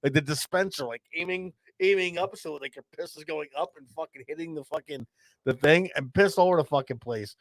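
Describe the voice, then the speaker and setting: A man's voice: fairly high pitch, fairly quick, dry recording. A man telling a rowdy story as a podcast co-host, swearing constantly and laughing as he rambles. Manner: profane, rambling, laughs often. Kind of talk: casual storytelling chat.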